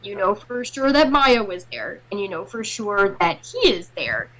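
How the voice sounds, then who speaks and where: Woman, game master, chatty narration, mid-pitched voice. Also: sing-song, normal speed, a bit bright, poor audio. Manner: loose, chatty narration with fillers.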